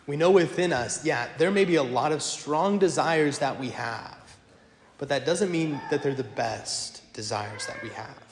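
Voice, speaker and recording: Priest preaching, animated and wry, fairly high voice, echoey church. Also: male voice, a little hiss or hum. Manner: animated, self-deprecating humor, quick asides. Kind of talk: lively sermon with storytelling. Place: large church.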